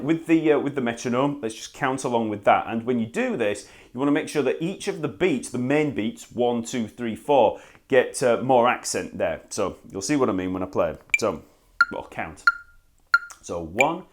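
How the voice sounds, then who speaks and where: A man gives an online bass lesson in a friendly, explanatory way. His pitch moves around a lot as he talks. He counts beats aloud to show the rhythm. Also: lively intonation, normal speed. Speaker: bass teacher.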